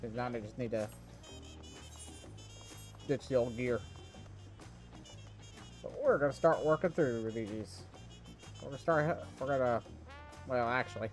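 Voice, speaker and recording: A man's voice: medium pitch, unhurried, pauses often, faint music behind. A man streaming a game, chatting casually in a rambling, self-correcting way.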